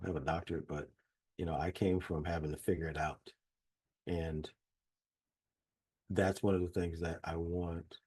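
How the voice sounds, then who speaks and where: A very low, mellow male voice with a Louisiana Southern accent, a little husky around the edges. He teaches in a folksy, joking way over a video call, like a psychologist talking shop with friends. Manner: folksy, chatty, self-deprecating humor. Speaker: psychologist and trainer. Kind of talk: casual webinar lecture.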